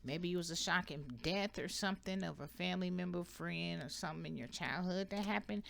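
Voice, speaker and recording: Woman tarot reader, low and bright, emphatic and preachy. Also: brisk, gravelly, slight background noise. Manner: emphatic, preachy, repeats "okay?" often. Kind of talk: casual spiritual advice monologue.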